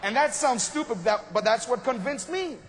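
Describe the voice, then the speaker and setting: A man's voice: very high voice, animated, moderate pace, a bit bright. A young man from Montreal, telling a story about his start in business in a casual, joking way. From Montreal, Canada. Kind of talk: motivational storytelling talk.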